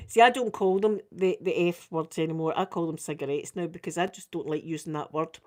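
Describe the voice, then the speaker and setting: Chatty Scottish woman, soft ASMR talk. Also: fairly low pitch. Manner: chatty storytelling, quick, laughs often, soft-spoken. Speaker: ASMR creator doing makeup. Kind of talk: casual ASMR chat.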